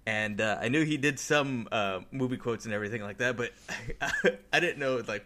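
A man on a casual movie podcast, laughing as he talks and jumping up in pitch to quote lines. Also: fairly quick, background noise. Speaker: podcast co-host.

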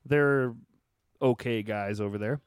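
Male podcast host, casual and joking, mid-pitched voice, dry close mic. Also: slow pace, clear, resonant tone, dry recording. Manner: joking, reads listener questions aloud.

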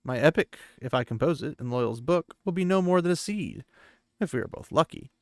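A man's voice: on the high side, animated, brisk, dry recording, clean studio sound. A man voicing a weathered older male gleeman who muses wistfully in a recap reading.

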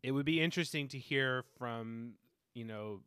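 A man co-hosting a podcast, chatting in a relaxed, hesitant way with many fillers. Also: mid-range voice, moderate pace, smooth, no echo, clean studio sound. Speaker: podcast co-host. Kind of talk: casual chat.

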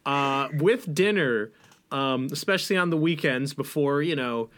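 A young man co-hosting a podcast, talking in a rambling, animated way and mocking what he describes. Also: medium pitch, a little slow. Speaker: podcast co-host. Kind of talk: casual podcast chat.

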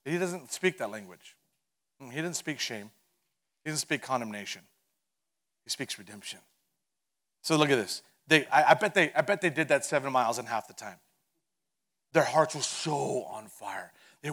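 A man preaching a sermon as pastor, telling the story in an animated way, joking with the congregation and swinging from loud to hushed. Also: a little high, normal speed. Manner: conversational and playful with the congregation.

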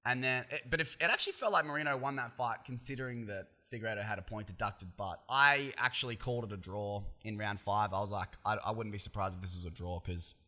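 An Australian man holds forth on his own podcast, swearing freely and circling back on himself as he talks. His voice is bright and forceful, with a tense edge. The talk is loose and opinionated, full of restarts. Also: fairly low pitch, quick pace, hardly any pauses. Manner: profane, opinionated, rambling with restarts. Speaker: podcast host. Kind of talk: casual solo podcast rant.

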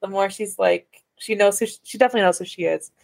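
A young woman co-hosting a podcast in casual chat, talking quickly through stories with lots of filler words. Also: medium pitch, vocal fry, dry recording, clean studio sound. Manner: chatty, heavy on fillers, animated retelling. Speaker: podcast co-host.

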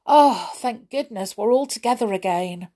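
A woman voicing an excitable small male brownie in a storybook, talking in a breathless, gushing way. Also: medium pitch, normal speed, close to an everyday voice. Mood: excited.

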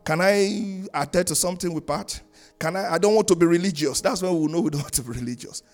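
A man preaching a sermon, swinging between loud sung-out lines and quiet asides. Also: high voice, fast, faint music behind. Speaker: pastor. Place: church in Canada.

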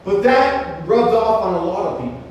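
A middle-aged male pastor preaching a sermon, earnest, slowing down for scripture quotes. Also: high-pitched, animated, a little hiss or hum. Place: church sanctuary. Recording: echoey hall, mic in room.

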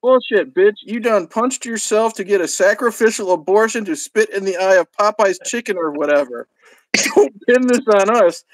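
A man's voice: high voice, normal speed, no room sound, pitched above the performer's own voice, lightly acted, rough recording. A man voicing a crude, hot-headed young man in a foul-mouthed comedy story he reads aloud. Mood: enraged.

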